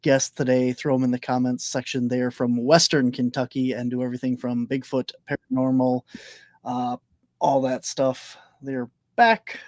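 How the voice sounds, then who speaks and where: Male live-show host, relaxed and joking, mid-range voice, dry close sound. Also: medium pitch, normal speed, no echo. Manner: easygoing, jokey, with frequent fillers. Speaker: podcast host. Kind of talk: live online show chat.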